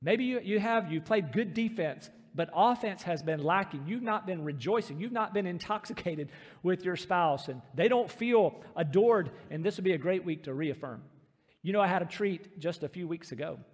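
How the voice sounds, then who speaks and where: A man's voice: high voice, animated, moderate pace, breathy edge, big-room sound. A middle-aged man, a pastor, preaching a sermon in a church sanctuary in an earnest, emphatic way.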